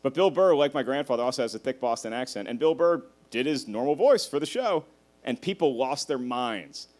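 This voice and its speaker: A man performing a stand-up comedy set, telling animated stories, swearing and laughing at his own jokes. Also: medium pitch, a little fast.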